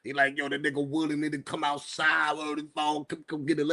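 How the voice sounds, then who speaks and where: A man hosting a casual livestream, reading the chat and talking in relaxed slangy street speech, his voice leaping high when he quotes himself. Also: fairly quick, gravelly, few pauses. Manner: animated, laughing, slangy street talk, pitch jumps high when quoting himself.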